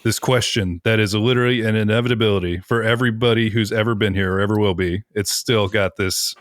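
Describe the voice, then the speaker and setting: A man co-hosting a podcast in casual chat, reflective and quick to agree. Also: fairly low pitch, fairly even intonation.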